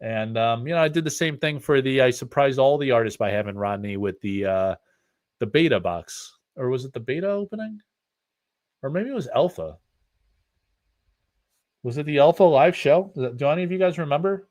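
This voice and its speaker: A man from upstate New York hosting a card-opening livestream, talking in a loose, rambling way full of fillers. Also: mid-range voice. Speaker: host of a card-opening stream. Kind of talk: casual livestream chat.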